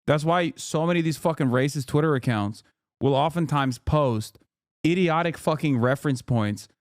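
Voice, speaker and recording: A man hosting a livestream, giving heated commentary in a fast, profane rant. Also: on the high side, no echo, clean studio sound. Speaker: streamer host.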